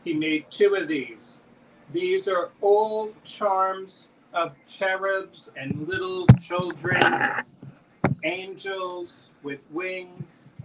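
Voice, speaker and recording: A man's voice: high-pitched, sing-song, drawn-out words, creaky, far from the mic, noisy background. A man hosting a live-stream jewelry auction, chatting as he describes pieces and calls out bids. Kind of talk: live auction selling chat.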